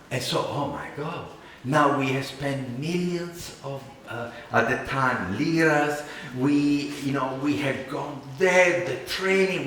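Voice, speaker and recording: A man with an Italian accent telling an animated, self-mocking story as a keynote speaker. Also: a little high, far from the mic. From Italy. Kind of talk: storytelling talk. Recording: echoey hall, mic from afar.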